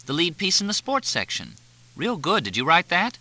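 A bright, high, bouncing young woman's voice, giggly and teasing, the sort who can't hold back a laugh, as a male audiobook narrator puts her on. Her pitch leaps and dips all over the place. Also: wildly swooping pitch, moderate pace, full character voice, rough recording.

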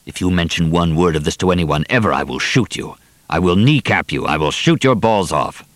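A man reading the part of a menacing male camp commandant who carries a gun, speaking slow and low. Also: animated, no echo. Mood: threatening.

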